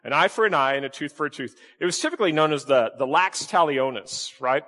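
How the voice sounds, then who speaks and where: Male pastor, animated delivery, a touch high, long hall reverb, preaches with questions and light humor. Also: fast. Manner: lively, questioning the congregation, playful asides. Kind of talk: sermon. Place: church sanctuary with congregation.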